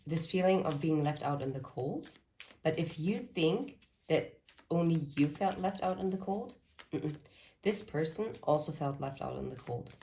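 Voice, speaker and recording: A woman's voice: deep voice, mellow, slight background noise. A woman reading tarot cards to her viewers, talking earnestly about spirit messages and breaking off into rambling asides. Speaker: tarot reader. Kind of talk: channeled tarot reading to camera.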